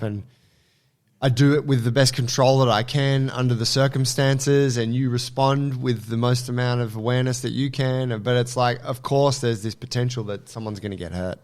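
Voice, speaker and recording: Male co-host, mid-pitched, easygoing, rambling delivery. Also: steady tone, normal speed. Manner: loose and rambling, full of "like" and restarts. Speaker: podcast co-host. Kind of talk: casual podcast chat.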